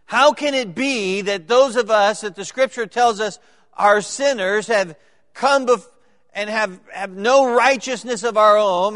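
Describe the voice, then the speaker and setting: A high-voiced man preaching to his congregation in a church sanctuary. He swings from loud, slow emphasis down to quiet, quick asides and jokes. A long hall reverb trails behind every word. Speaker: pastor. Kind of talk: sermon.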